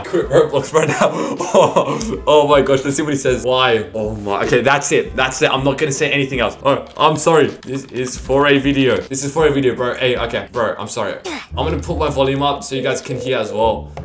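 A man's voice: mid-range voice, quick pace, fairly bright tone. A man doing casual gaming commentary as a YouTuber, rambling and stammering, saying 'bro' constantly.

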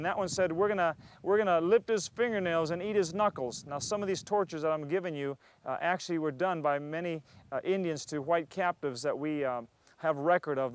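Man storyteller-preacher: high voice, lively, acts out characters. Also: no room sound. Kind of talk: oral storytelling with sermon asides.

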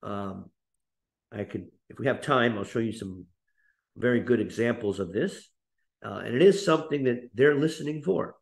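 A man teaching a webinar lesson on speaking, explaining slowly with frequent fillers and restarts. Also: mid-range voice, gravelly. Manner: demonstrates example phrases in a lifted, playful voice.

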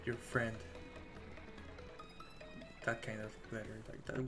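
A man's voice: lowish voice, completely flat delivery, takes it slowly, fairly bright tone, faint music behind. A young man giving casual, rambling commentary while playing a game, trailing off mid-thought. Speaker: let's play host.

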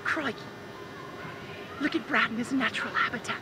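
A woman's voice: a little high, brisk, background noise. A woman in her twenties hosting a comic sports challenge, teasing and putting on an exaggerated mock Australian accent. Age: 20s. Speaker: host.

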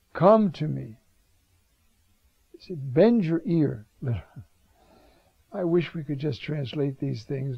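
Older priest man giving a homily, slow talker, raspy grainy voice, says "you see" a lot, dry dull recording. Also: fairly high pitch, no room sound. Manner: conversational, repeats "you see", quotes Hebrew words. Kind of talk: homily on scripture.

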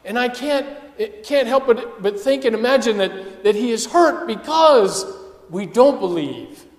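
A male pastor preaching a sermon with passion, dropping to a hush and then rising to loud emphasis. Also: extremely high pitch, animated, a little slow. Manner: impassioned preaching, swinging between hushed and loud. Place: church sanctuary. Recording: echoey church hall.

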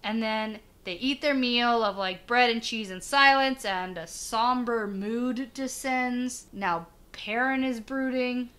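A woman's voice: a little high, takes it slowly, few pauses, fairly bright tone. A woman co-hosting a podcast, chatting casually about a fantasy novel, cursing now and then and voicing the characters' lines. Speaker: podcast co-host. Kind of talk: casual book discussion.

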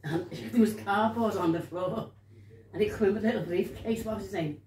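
A woman's voice: medium pitch, brisk, a little mellow. Old Liverpool woman telling bawdy stories. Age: 80s. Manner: bawdy, swears freely, laughs through her stories. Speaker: storyteller at her birthday gathering. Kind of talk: casual storytelling. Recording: echoey room, mic far off, crowd chatter.

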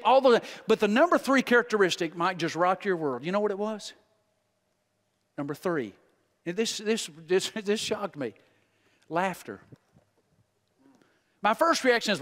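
A male guest preacher giving a revival sermon, folksy and joking, swinging from loud exhortation to hushed intensity. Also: high voice.

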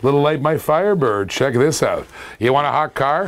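A man's voice: mid-range voice, lively intonation, normal speed. A man in his forties with a Canadian accent, hosting a live-streamed toy car auction in a playful, jokey way, laughing often and repeating his lines. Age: 40s.

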